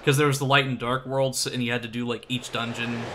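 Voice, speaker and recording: A man's voice: medium pitch, little pitch movement, fairly quick, heavy background noise. Rambling, laughing male game streamer. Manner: rambling, self-deprecating, laughs often. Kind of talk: casual let's-play commentary. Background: game music.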